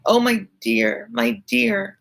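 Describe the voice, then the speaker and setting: A woman voicing a gentle, devoted young woman who tenderly pleads with her father. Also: mid-range voice, sing-song, takes it slowly, gravelly, voice pushed up, exaggerated voice, low-quality recording. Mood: tender pleading. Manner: tender, pleading, repetitive appeals.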